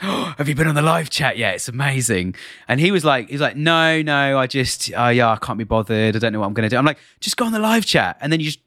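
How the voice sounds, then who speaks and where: British male host, brisk, dead-dry mic, tells stories with energy. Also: mid-range voice, dry recording. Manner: animated storyteller who acts out exchanges. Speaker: podcast host. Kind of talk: conversational podcast chat.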